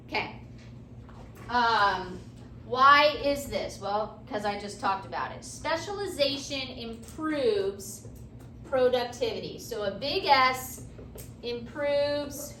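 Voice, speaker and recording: A woman's voice: fairly high pitch, pushed and bright, a little hiss or hum. A woman teaching a class, lecturing and often checking in with her students. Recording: echoey classroom from far off.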